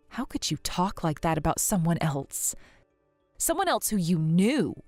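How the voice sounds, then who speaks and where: A woman voicing a grieving young wife in an animated story drama who talks in an earnest, pleading, wounded way. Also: on the low side, measured pace, no echo, faint music behind. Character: grieving young wife hurt by her in-laws.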